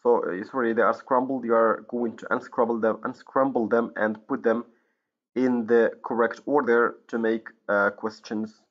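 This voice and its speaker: A man from Morocco teaching an English grammar lesson, pausing often with fillers and correcting himself, in a dull lo-fi recording. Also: medium pitch, steady tone. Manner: hesitant, many fillers and self-corrections.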